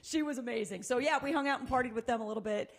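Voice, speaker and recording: A middle-aged woman co-hosting a casual chat, telling lively stories and laughing often. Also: a little high, very fast. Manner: animated storyteller, laughs often. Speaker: co-host.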